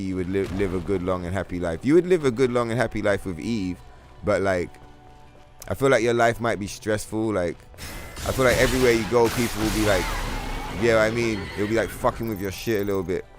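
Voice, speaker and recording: A man streaming a game, rambling in a casual, profane, slang-heavy way. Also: fairly low pitch. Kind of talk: casual livestream chat.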